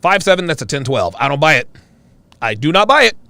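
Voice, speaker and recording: A man hosting a casual live-stream chat, reacting excitedly with loud exclamations. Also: a little high, fast talker, vocal fry, music in the background.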